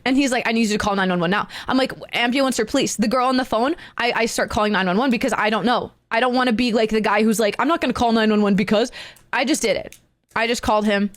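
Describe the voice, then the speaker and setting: A woman telling a story with animated excitement, acting out each voice in it and laughing often. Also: on the high side, no echo. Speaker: streamer.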